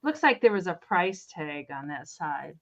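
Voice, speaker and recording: A woman's voice: sits low, big pitch swings, a little slow, a bit bright, muffled recording. A woman hosting a casual live sale, chatty and giggly, rambling as she shows items. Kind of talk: casual live-stream selling.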